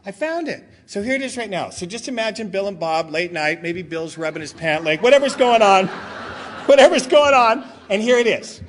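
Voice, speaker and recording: A man's voice: sits high, expressive, moderate pace, fairly bright tone. A middle-aged man from Southern California giving a loose, joking, rambling talk as a guest speaker. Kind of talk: comic storytelling talk.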